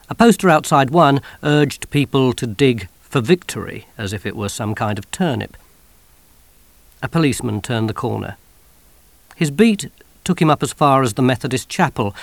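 A man narrating an audiobook in an expressive, wry storytelling manner on a close studio mic. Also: medium pitch, no room sound.

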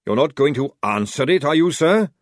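A gruff old sergeant, played by a male reader, blustering and loud, full of indignant grumbling. His voice swings widely in pitch, recorded dry and close. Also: animated, moderate pace, no echo, close to an everyday voice.

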